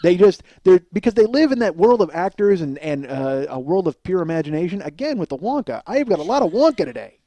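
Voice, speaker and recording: A man's voice: sits high, sing-song, a little fast, few pauses, mellow, no echo. A man hosting a podcast, telling a comic story in a profane, exasperated ranting way. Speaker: podcast host. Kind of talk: comedic storytelling monologue.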